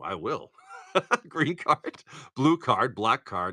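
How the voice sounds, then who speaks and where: A man with a Massachusetts accent hosts a live stream, rattling off each card in quick lists with joking asides. His voice is bright and animated, jumping up and down in pitch. The sound is dry and close. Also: no echo. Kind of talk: casual live commentary.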